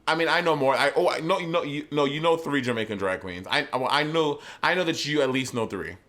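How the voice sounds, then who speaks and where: A man in his thirties from Saint Lucia, co-hosting a podcast in lively, bantering casual chat and laughing often. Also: a little high, brisk. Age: 30s. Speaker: podcast co-host.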